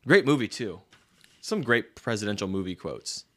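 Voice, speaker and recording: A man hosting a podcast in a relaxed, chatty way. He sounds upbeat and brisk. His voice is bright and forceful and sits somewhat low. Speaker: podcast host. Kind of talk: casual chat.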